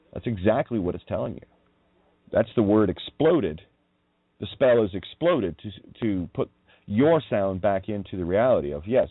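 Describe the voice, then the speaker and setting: Male radio host, low and animated, rambling and emphatic; tinny phone-line sound. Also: slightly rough, no room sound. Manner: wandering, emphatic, swears when riled. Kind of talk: rambling monologue on word meanings.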